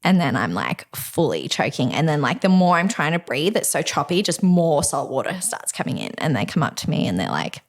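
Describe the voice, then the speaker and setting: A woman's voice: low-pitched, very animated, a little fast, few pauses. A woman, co-hosting a podcast and telling a story in casual chat, laughing often. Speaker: podcast co-host.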